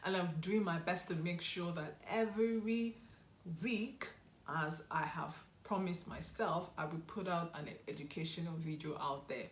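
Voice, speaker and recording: A woman's voice: fairly low pitch, normal speed, a little hiss or hum. A young woman giving earnest, encouraging advice on a motivational vlog and repeating her key points. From Nigeria. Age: young adult. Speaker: YouTube host. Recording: roomy echo.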